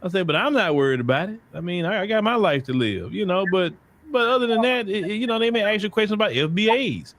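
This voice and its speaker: A man's voice: high-pitched, lively intonation, quick pace, fairly bright tone. A man, hosting his own stream. He talks emphatically, fires off rhetorical questions and circles back on his points. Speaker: show host. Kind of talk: livestream commentary.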